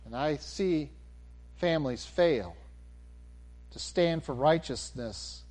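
A man preaching a sermon, animated, swinging from near-shouts down to a calm, low delivery. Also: takes it slowly.

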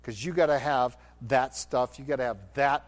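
A man's voice: medium pitch, moderate pace. A middle-aged man preaching a sermon, with acted quotes and passionate, rising delivery. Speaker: pastor.

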